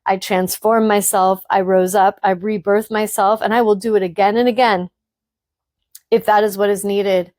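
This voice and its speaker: A woman's voice: medium pitch, darkish tone, no room sound, clean studio sound. A woman hosting a spiritual podcast, speaking frankly to her listeners in an emphatic, blunt monologue that swears freely.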